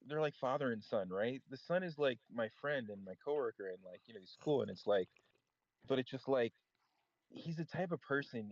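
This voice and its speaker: A man's voice: mid-range voice, dry recording. A young man on a voice call, telling a long, rambling story in casual chat and filling it with "like". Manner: rambling storyteller, heavy filler "like". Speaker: caller on voice chat. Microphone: voice chat mic. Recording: dull lo-fi voice chat.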